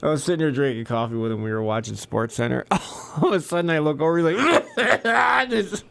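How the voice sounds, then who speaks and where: A man co-hosting a community radio show, telling a story in a casual, animated way with lots of laughter. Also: fairly high pitch, a little fast, vocal fry. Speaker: co-host.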